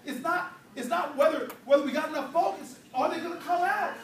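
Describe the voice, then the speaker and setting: A political speaker, male, with a very high and fairly bright voice talks a little fast through a rousing, preacher-like speech, telling playful stories as the crowd answers back. Recorded from a distance in an echoey church hall, with crowd sound and slight background noise.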